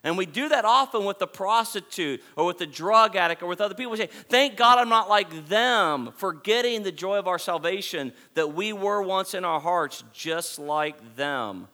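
A man's voice: high-pitched, animated, normal speed, hardly any pauses, pushed and bright. A man preaching a sermon to his congregation, emphatic and repetitive, building points through repeated phrases. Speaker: pastor.

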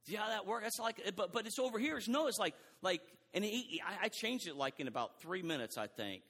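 A middle-aged man preaching a sermon in an animated way, acting out quoted dialogue and often restarting his sentences. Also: high-pitched, a little fast, few pauses, in a large hall.

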